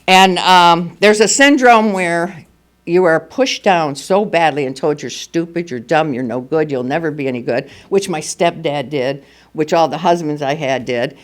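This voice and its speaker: An older woman speaking at a recovery meeting, telling her personal story candidly and with humor. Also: sits low. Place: meeting room at a school.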